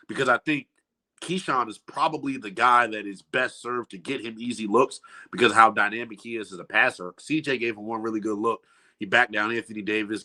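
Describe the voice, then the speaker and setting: A man breaking down a basketball game in a bright, forceful voice, animated and full of slang. He talks in a loose podcast chat. He's a guest analyst sitting in a studio. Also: on the low side. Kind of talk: casual sports podcast chat.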